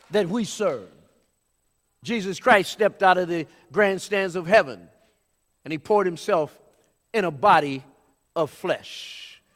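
A man preaching a sermon in a storytelling way, building up to shouted high points. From California, USA. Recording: long hall reverb.

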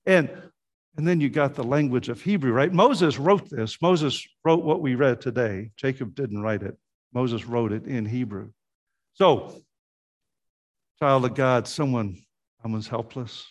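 A man's voice: medium pitch, measured pace. A man preaching a sermon as pastor, earnest and conversational, often restarting his phrases.

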